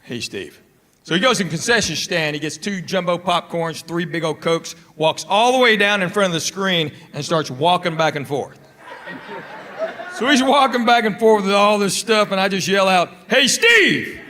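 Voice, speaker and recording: A man doing stand-up, telling a long story in a laid-back, deadpan way. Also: high-pitched, moderate pace. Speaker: stand-up comedian.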